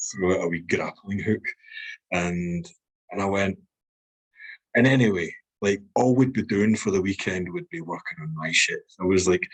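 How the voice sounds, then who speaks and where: A man's voice: low voice, breathy edge, low-quality recording. A man with a Scottish accent, a guest speaking frankly and reflectively in a podcast conversation, swearing freely.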